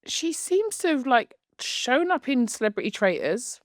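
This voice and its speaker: A woman co-hosting a podcast, chatting in a gushing, animated way. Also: high-pitched, a little slow, no echo, studio quality. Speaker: podcast co-host. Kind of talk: casual chat.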